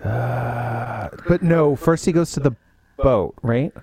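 A man's voice: medium pitch, slow pace, breathy edge. A man chatting casually about a film, recounting the plot and mimicking the characters as he goes. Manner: expressive storyteller, mimics characters, laughs often.

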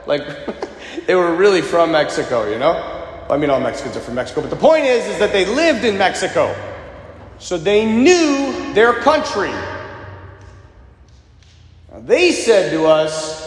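A man telling an animated personal anecdote, retelling it dramatically with shouted bursts. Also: high-pitched, moderate pace, long pauses. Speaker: storyteller. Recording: roomy hall with long reverb.

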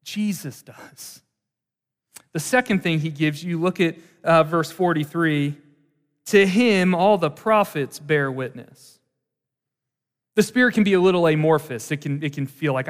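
A male pastor preaching a sermon in a conversational, animated way, with asides to the congregation. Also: on the high side, measured pace. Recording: long hall reverb.

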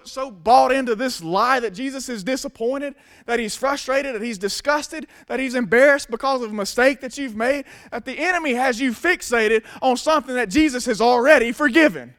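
A pastor delivers a sermon straight to his congregation, preaching in a casual, emphatic style. His voice is very high for a man, a bit bright, and fairly quick.

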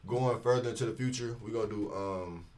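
A man's voice: on the low side, a little fast, darkish tone, a little hiss or hum. A young man, a show creator, talking casually as a podcast guest, laid-back and filling his speech with "you feel me".

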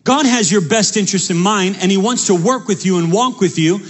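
High, husky-voiced preaching pastor. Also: male voice, fairly quick. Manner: animated preaching with repeated phrases and stammered restarts. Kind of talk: sermon.

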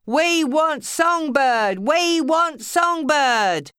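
A woman reading an audiobook, voicing a rowdy club patron who shouts and chants for a singer to come on stage. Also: sits high, animated, dry recording, clean studio sound, voice pushed up, exaggerated voice. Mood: chanting. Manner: loud, chanting, drawn-out shouts.

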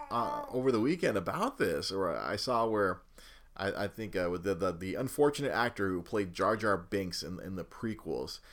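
Rambling man with a lively voice. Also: on the low side. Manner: rambling, many restarts and chuckles. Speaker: podcast host. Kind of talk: casual rambling chat.

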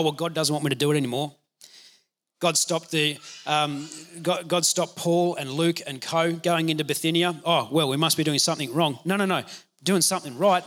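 Male pastor, fairly high and bright voice, lively conversational preaching. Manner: energetic, conversational preaching with laughs. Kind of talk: sermon.

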